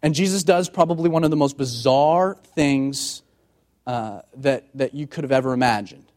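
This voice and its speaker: A man preaching a sermon as a pastor, moving from loud emphatic passages to quiet, hushed ones and acting out voices in quoted dialogue. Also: normal speed. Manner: dramatic, sweeping from loud emphatic highs to hushed tones.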